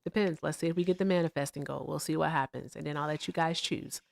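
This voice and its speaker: A woman co-hosting a casual political livestream, teasing and animated as she talks straight to her co-host. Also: sits low, fast, creaky, no echo.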